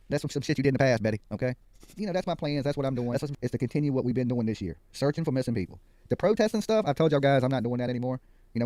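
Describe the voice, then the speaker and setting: A man's voice: medium pitch, a little mellow, no room sound. A man hosting a livestream in casual chat, joking, laughing often and swearing freely. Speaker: livestream host.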